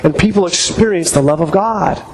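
Middle-aged male pastor, high-pitched and halting in a sermon, recorded in an echoing church hall. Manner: halting, repeats words while telling stories. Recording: long reverb in a hall, faint noise.

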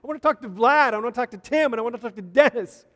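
A man's voice: very high voice, racing, a bit bright, big-room sound. A man preaching a sermon, earnest and repeating phrases for emphasis.

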